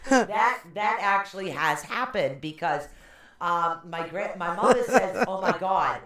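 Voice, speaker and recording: A woman's voice: medium pitch, animated, measured pace, crowd noise. A middle-aged woman hosting a radio talk show, chatting casually with rambling anecdotes. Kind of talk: casual chat.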